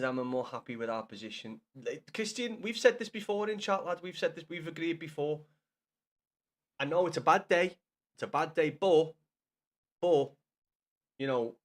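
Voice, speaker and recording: A young man talks to his live-stream chat in a fairly high voice. He is blunt and sweary, and he teases his viewers in easy, casual banter. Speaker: livestreamer.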